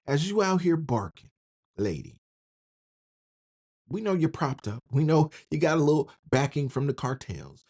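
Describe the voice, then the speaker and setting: Animated woman with slangy political commentary. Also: low voice. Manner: animated, slangy, laughs between phrases. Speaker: commentary channel host.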